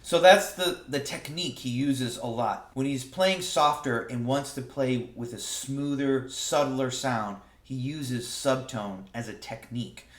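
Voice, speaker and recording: A man teaching saxophone in a relaxed, casual way, often stumbling over and repeating his words. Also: medium pitch, a little slow, few pauses. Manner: relaxed, explains with sung examples, repeats words. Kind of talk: casual music lesson. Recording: roomy echo.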